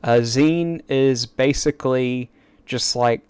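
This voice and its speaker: A man's voice: mid-range voice, slow, darkish tone, clear, resonant tone, dry recording. A man chatting on a casual live stream at his desk mic, rambling and eager, with stammered restarts and asides. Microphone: desk microphone.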